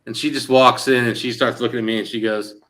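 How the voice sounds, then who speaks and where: A man hosting a casual chat show, telling an anecdote and quoting others in lively back-and-forth with lots of "like" and "he goes". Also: mid-range voice, quick pace. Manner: animated storyteller quoting others in dialogue; frequent fillers like "like" and "he goes". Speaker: show host.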